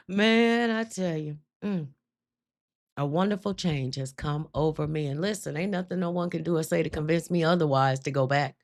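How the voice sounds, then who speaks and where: A woman hosting a live stream, telling her testimony with emphatic, drawn-out storytelling and frequent laughter. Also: sits low. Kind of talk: spoken testimony to a live chat.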